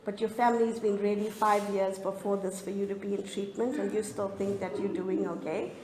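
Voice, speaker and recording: A middle-aged woman telling her recovery story as a personal testimony, candid and often halting with emotion. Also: mid-range voice, fairly even intonation, a crowd in the background. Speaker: speaker sharing a recovery story. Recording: echoey room, faint ambience.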